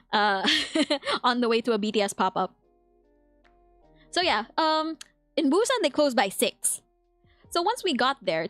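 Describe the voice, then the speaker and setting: A woman's voice: fairly high pitch, fairly bright tone, no echo. A young woman with a Filipino accent, chatting casually as a streamer, laughing often and reading chat aloud. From Philippines. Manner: reads chat aloud and answers it.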